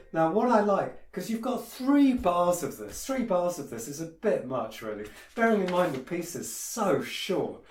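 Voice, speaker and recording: A man teaching a piano piece in a casual tutorial, opinionated and hesitant, with many fillers and restarts. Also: fairly high pitch. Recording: echoey room with piano playing.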